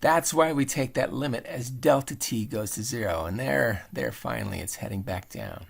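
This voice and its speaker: A man teaching engineering in a screen-recorded lecture, thinking aloud in a relaxed way as he demonstrates. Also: medium pitch, normal speed, gravelly. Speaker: engineering instructor.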